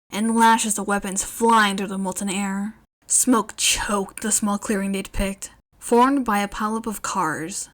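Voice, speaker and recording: A woman narrating a fan fiction podfic in an expressive, lively way, ending with chatty asides. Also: medium pitch. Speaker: podfic reader.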